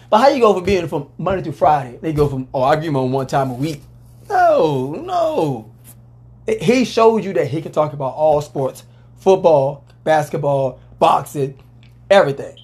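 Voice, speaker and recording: A man hosting a casual sports talk show, talking in a loose, rambling way and letting out loud whoops. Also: fairly high pitch, big pitch swings, normal speed.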